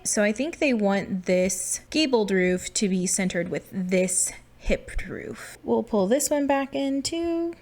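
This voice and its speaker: A woman giving casual, self-deprecating commentary while building in a game, thinking aloud as she works. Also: mid-range voice.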